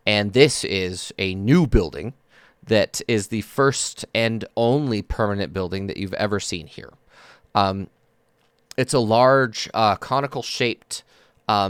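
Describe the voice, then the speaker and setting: A man's voice: on the low side, clean tone, no room sound. A man narrating a tabletop game as game master, describing scenes at length with frequent fillers.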